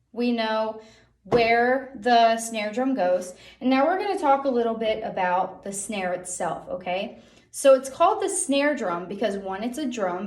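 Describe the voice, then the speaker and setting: A woman's voice: a little high, slight background noise. Upbeat woman teaching drums in echoey room. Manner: encouraging, checks in with frequent "okay?". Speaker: music teacher. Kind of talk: online music lesson for children. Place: music room. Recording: echoey room, drum hits.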